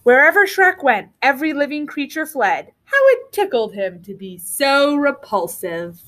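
A woman teacher reading a picture book aloud to children with expressive storytelling. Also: high-pitched, moderate pace.

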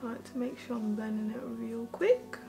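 A woman's voice: a little high, moderate pace, vocal fry, music in the background. A woman beauty vlogger talking her viewers through her makeup in a chatty, rambling way, filling her speech with "like". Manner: chatty, rambling, heavy use of "like". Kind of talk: casual get-ready-with-me chat.

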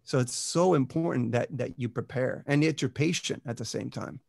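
A man with a gravelly, creaky voice, sitting in as a guest on a podcast. He talks with the drive of a motivational speaker and keeps checking in with his listeners as he goes. His voice sits at an ordinary male pitch and sounds dry and close. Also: normal speed, no echo. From Puerto Rico and the US. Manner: energetic motivational speaker, peppers talk with "right?" and "you know". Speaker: interview guest. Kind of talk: casual podcast conversation.

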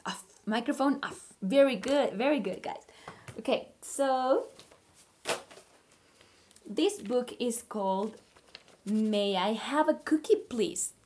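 Slow, upbeat kindergarten teacher. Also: female voice, on the high side, a little mellow. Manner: upbeat, encouraging, slow and clear for small children. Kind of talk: online class, reading a picture book aloud. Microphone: computer microphone on a video call.

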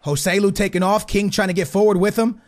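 A man commentating his own soccer video game, hyped and shouting at big moments, muttering quietly in between. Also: high voice, steady tone, fast talker. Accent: American. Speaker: gaming YouTuber. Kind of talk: excited gameplay commentary.

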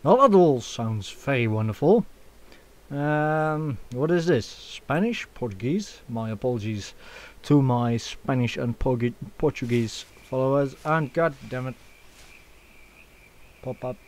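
Man, young adult, let's play host, unhurried, joking, cursing, some fillers. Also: medium pitch, lively intonation, darkish tone. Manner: joking, swears, frequent fillers. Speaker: gaming channel host.

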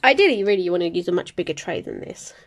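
A woman's voice: fairly low pitch, expressive, rapid-fire, background noise. A woman hosting a crafting video, chatting casually and muttering numbers to herself as she sorts supplies. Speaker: crafting channel host. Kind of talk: casual chat while kitting up a diamond painting.

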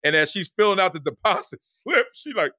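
A middle-aged man from Los Angeles, a guest telling stories in an animated way, laughing and acting out quotes with loud, high bursts. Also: fairly quick, no echo, studio quality. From Los Angeles, United States. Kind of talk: animated storytelling.

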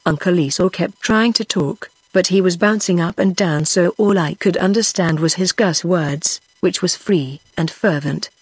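A text-to-speech woman's voice with a British accent, reading an audiobook in an even, steady way. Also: on the low side, moderate pace, few pauses, husky, no echo. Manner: even, steady machine-read delivery. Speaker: audiobook narrator.

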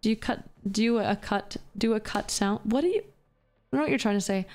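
A woman's voice: mid-range voice, brisk, a little mellow. A woman streamer chatting casually with her live chat while gaming, profane, playful and flirty. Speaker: VTuber streamer.

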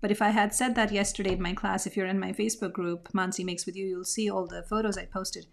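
A woman's voice: mid-range voice, flat delivery, fast talker, vocal fry. Reflective woman teaching mixed media art. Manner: reflective, searching for words, restarts. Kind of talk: craft tutorial narration.

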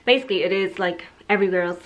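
A woman's voice: medium pitch, fast, low-quality recording. Chatty woman doing her makeup. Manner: chatty, self-aware, talks while applying makeup. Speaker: beauty vlogger. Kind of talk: casual makeup tutorial chat.

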